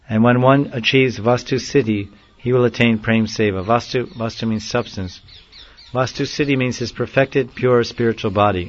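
A man delivers a devotional lecture in an earnest, unhurried way that turns pleading at moments. His voice sits low. The recording is dull and lo-fi. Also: a bit bright. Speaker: preacher.

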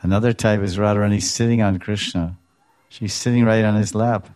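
A man giving a devotional talk, retelling scripture stories with animated voices and explaining Sanskrit terms, now and then chuckling. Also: on the low side, a little fast, dry recording. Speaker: devotional speaker.

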